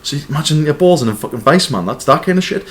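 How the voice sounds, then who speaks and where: A man co-hosting a casual podcast chat, telling animated stories with lots of swearing and laughter. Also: on the high side, rapid-fire. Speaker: podcast co-host.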